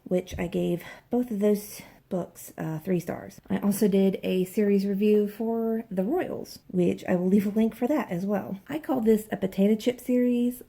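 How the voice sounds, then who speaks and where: A woman's voice: mid-range voice, steady tone, normal speed, vocal fry, hardly any pauses, mellow, breathy edge. A woman doing a casual book wrap-up vlog, chatty and candid. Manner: chatty, candid, occasional swearing. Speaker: book vlogger.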